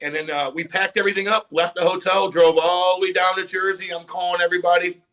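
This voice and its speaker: A high-pitched, fast-talking middle-aged man, formerly a pro hockey player, is a guest on a casual podcast. His bright, forceful voice drives lively, animated stories in which he dramatizes every quote and swears freely.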